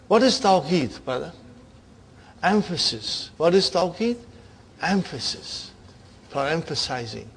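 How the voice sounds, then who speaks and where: Guy teaching a grammar class, kinda high voice, keeps asking the students questions. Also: expressive, measured pace, slight background noise, low-quality recording. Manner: quizzes students with repeated questions; mixes in Urdu phrases. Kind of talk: classroom lecture.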